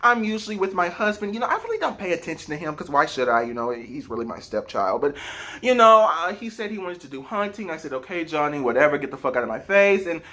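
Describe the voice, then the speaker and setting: A man's voice: on the high side, very animated, fast talker, pushed and bright. A man voicing a callous, dismissive middle-aged stepmother who talks in a flippant, sneering way.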